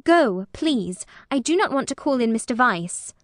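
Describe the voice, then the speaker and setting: A woman's voice: on the high side, very animated, measured pace, no room sound, clean studio sound. A woman reading an audiobook, voicing a proud, stubborn young Englishwoman who speaks in a clipped, indignant way.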